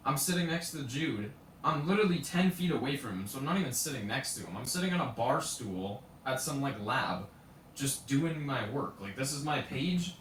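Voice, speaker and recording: A man's voice: mid-range voice, a bit bright, a little hiss or hum. A young man in his late teens ranting on a live stream, indignant and profane, telling stories with acted quotes. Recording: roomy, from a distance, faint ambience.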